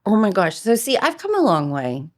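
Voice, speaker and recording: A woman hosting a podcast, chatting casually and telling animated stories with frequent laughter. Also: medium pitch, moderate pace. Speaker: podcast host. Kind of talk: casual chat.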